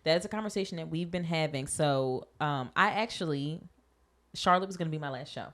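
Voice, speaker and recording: A young adult woman co-hosting a podcast, chatting casually and telling stories with animated quoted voices. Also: deep voice, fairly quick. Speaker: podcast co-host. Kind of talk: casual chat.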